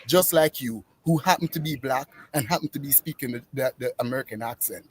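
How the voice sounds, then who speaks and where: Forceful lecturing man in a debate. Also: mid-range voice, fairly quick, husky. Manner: forceful, lecturing, rebuts point by point. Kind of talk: heated debate on a stream.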